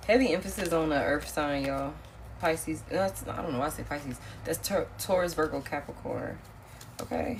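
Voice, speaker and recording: A woman's voice: low-pitched, normal speed, darkish tone. A woman runs a casual live tarot reading. She talks loosely and repeats herself, tossing in y'all and laughs. The stream audio is noisy. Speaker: tarot reader.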